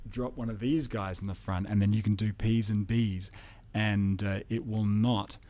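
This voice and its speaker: A man teaching microphone technique in a relaxed, explanatory way, speaking into a studio condenser mic in a home studio and moving around it as he talks. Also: lowish voice, moderate pace. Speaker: audio engineer demonstrating microphones. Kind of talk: spoken tutorial with live mic demonstrations. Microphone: studio condenser mic at close range.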